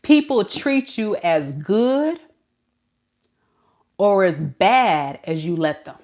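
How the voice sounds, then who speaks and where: Woman tarot reader, slow, preachy and colloquial, mid-range voice. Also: medium pitch, lively intonation, a little mellow. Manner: preachy, colloquial, drawn-out emphasis. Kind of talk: casual talk to camera.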